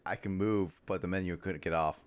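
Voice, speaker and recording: A man's voice: low voice, steady tone, fairly quick, clean tone. A man chatting and teasing his friends playfully while they play a game together, often stumbling over his words. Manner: teasing, playful, stammering restarts. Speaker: streamer playing a game with friends. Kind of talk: casual gaming banter.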